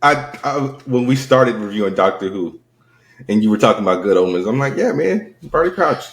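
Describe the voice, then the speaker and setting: A man co-hosting a podcast in casual chat, with expressive, joking banter. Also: fairly low pitch, brisk, roomy sound. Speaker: podcast co-host.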